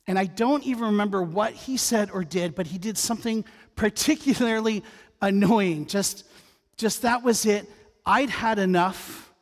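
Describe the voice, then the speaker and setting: A middle-aged male pastor delivers a sermon in a high voice, breaking into joking asides and a personal story. His words ring out with a long reverb from the church sanctuary. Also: unhurried. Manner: conversational, humorous asides, storytelling.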